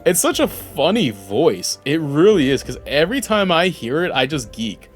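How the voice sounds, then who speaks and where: A man's voice: a little high, very animated, moderate pace, soft background music. Rambling self-deprecating young man. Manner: rambling, self-deprecating, reads game text aloud. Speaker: streamer. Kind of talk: casual gameplay commentary.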